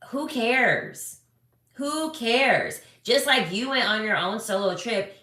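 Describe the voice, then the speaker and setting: A young adult woman giving blunt, sassy relationship commentary, talking casually to her viewers. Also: fairly low pitch. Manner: blunt, animated, sassy, swears freely. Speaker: relationship advice creator. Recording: echoey room.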